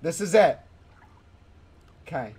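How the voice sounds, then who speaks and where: A young man livestreaming a hard climbing game, talking to his chat in a panicky, pleading way, often repeating himself and sometimes shouting. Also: on the high side, expressive, slow, breathy edge. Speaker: livestreaming gamer. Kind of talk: live gameplay commentary.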